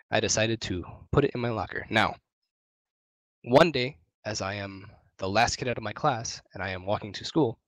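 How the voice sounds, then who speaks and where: A man's voice: fairly low pitch, fairly bright tone, dry recording. A young man from Wisconsin telling a story in casual, profane podcast chat. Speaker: podcast co-host.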